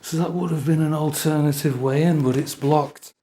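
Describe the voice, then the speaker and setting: This urban explorer vlogger has a fairly high, dark voice with fairly even intonation and a moderate pace, recorded with no echo. He breathlessly mutters wry asides while exploring a derelict building with a cellar and broken glass, holding a torch and a handheld camera.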